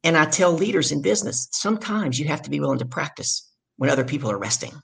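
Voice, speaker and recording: A husky, low-pitched middle-aged woman from the southern United States talks at a quick pace. She's a guest and business speaker telling a story in conversation, energetic and emphatic, acting out the quotes.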